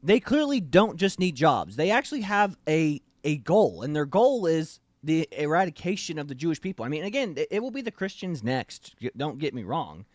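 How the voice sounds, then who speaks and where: A man hosting a political talk show, with a somewhat high voice that swings up and down in pitch. He talks emphatically, punching his points home. The sound is dry and close. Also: moderate pace, hardly any pauses, no room sound. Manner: emphatic, animated, acts out quoted voices. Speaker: show host. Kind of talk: casual political commentary.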